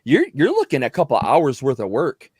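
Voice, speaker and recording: Male podcast guest, voice actor, animated talker, mid-range voice, dry room. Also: medium pitch, quick pace, slightly rough, dry recording. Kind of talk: casual podcast chat.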